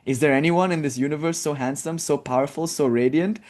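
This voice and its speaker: A man voicing a calm, teasing male sage who gently reassures. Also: on the high side, fairly quick, natural voice.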